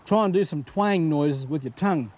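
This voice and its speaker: A man's voice: fairly high pitch, normal speed, a little mellow, muffled recording, a little hiss or hum. A man patiently explaining, step by step, how to play the didgeridoo. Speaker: didgeridoo teacher. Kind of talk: instructional demonstration.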